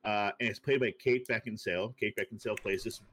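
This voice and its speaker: A man's voice: lowish voice, steady tone, fast talker, fairly bright tone, slight background noise. A man co-hosting a podcast in casual chat, rambling through ideas with lots of "like" fillers and frequent laughter. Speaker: podcast co-host.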